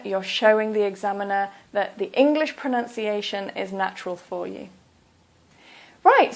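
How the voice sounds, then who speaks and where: A woman giving a slow, scripted English test lesson, pronouncing each phrase carefully. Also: on the high side. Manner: slow, careful, clearly enunciated.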